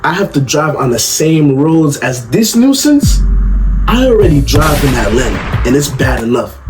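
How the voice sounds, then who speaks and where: Young man, comedic commentary, lively swooping voice, slangy and animated, music underneath. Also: a little high. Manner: animated, slangy, repeats "you know what I'm saying".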